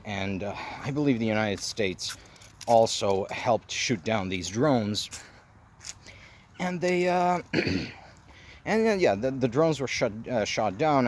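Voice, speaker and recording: A man's voice: on the low side, a little hiss or hum. A man hosting his own commentary show, talking casually in a rambling, blunt and exasperated way, with lots of fillers and restarts. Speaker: commentary channel host.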